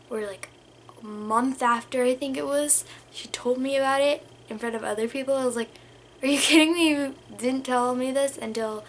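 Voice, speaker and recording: A woman's voice: a little high, vocal fry, slight background noise. A young woman telling a storytime vlog in a rambling, casual way, full of "like" and dropping into whispers. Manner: rambling, lots of "like" fillers, drops to whispers. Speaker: vlogger.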